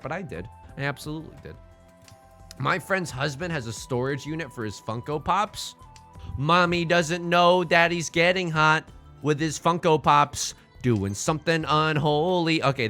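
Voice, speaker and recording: A man's voice: mid-range voice, pushed and bright. A young man chatting casually on a livestream while he plays, joking and rambling through playful asides. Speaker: streamer.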